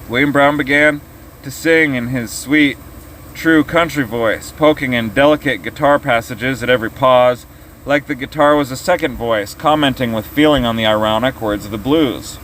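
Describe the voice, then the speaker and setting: A man narrating a written story, reading it aloud with steady delivery. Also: mid-range voice, moderate pace, a little hiss or hum, low-quality recording.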